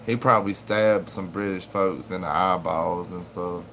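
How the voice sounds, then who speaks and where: A man's voice: low voice, steady tone, normal speed, a bit bright, slight background noise. A man chatting casually and jokingly on a live stream, rambling and swearing freely.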